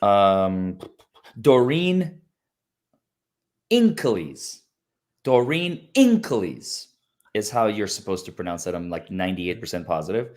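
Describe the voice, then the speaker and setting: A man's voice: low voice, animated, measured pace, pauses often. A man, a lawyer appearing as a guest on a livestream, talking earnestly and rambling with many restarts. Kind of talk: casual livestream chat.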